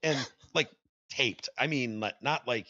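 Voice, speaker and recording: A man hosting a casual podcast, telling a story in an animated, profane way. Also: medium pitch, a little slow, no room sound, muffled recording. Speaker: podcast host.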